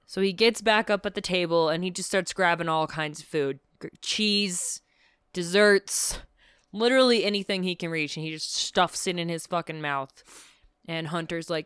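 Woman, podcast co-host, casual movie recap, animated, swears a lot, smooth clear voice, dry close sound. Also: fairly low pitch, moderate pace, no room sound. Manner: animated, profane, acts out quotes with laughter.

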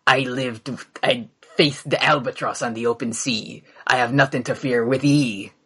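A man voicing a boastful, fearless male pirate captain in a tabletop game, in slow, old-time pirate speech. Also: medium pitch, steady tone, a bit bright, husky. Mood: defiant. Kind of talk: tabletop game role-play.

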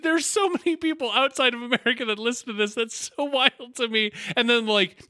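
High, giggly, stammering male podcast host. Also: fairly quick, hardly any pauses, pushed and bright. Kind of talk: casual chat.

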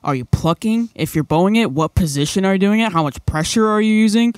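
A man's voice: sits high, fast talker, clear, resonant tone, no room sound, studio quality. A young man co-hosting a casual podcast, rambling with lots of fillers into a microphone. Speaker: podcast co-host. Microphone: studio microphone.

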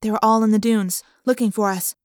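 A woman reading a first-person audiobook in a lively, breathless storytelling manner. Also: mid-range voice, brisk, no room sound, studio quality. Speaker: audiobook narrator.

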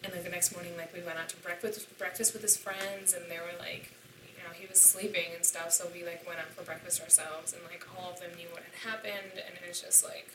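A young woman with a low, level voice talks briskly, recorded roomy and distant from the mic with background noise. As a podcast guest she candidly and emotionally recounts a painful personal story, saying "like" constantly.

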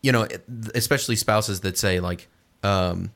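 A man co-hosting a casual conversation, telling stories in an animated way. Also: on the low side, unhurried, gravelly. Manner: animated storyteller, acts out quoted voices.

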